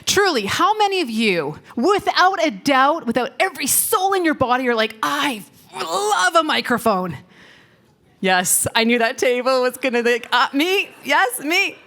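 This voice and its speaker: A woman's voice: high voice, sing-song, normal speed, hardly any pauses, a bit bright. A woman giving a conference keynote on stage, telling stories playfully, laughing often and talking directly to the audience. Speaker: keynote speaker. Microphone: stage microphone.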